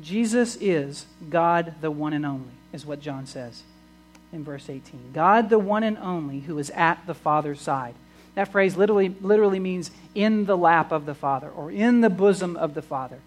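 Guy preaching a sermon, trips over his words a lot, gets loud and punchy on key lines. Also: a little high, lively intonation, moderate pace, soft background music, poor audio. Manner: stammering restarts, rising to emphatic bursts.

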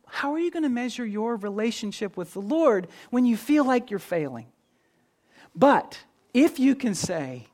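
Lively, earnest man preaching a sermon. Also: extremely high pitch, measured pace. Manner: earnest, animated preaching that swings from soft to emphatic. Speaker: pastor.

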